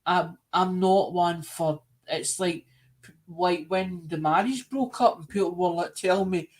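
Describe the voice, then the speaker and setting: A man's voice: high-pitched, measured pace. A Scottish man hosting a live stream, chatting casually in an earnest, rambling way and often repeating himself.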